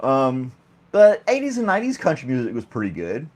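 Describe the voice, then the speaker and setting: A man's voice: medium pitch, wildly swooping pitch, brisk. A man hosting a casual morning chat show, joking and laughing often while a pet clings to his arm. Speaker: host.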